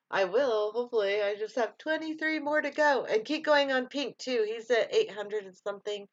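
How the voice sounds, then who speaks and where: A woman's voice: a little high, moderate pace, dry recording, lo-fi sound. A woman hosting a casual live stream, chatting loosely, laughing often and answering viewer comments.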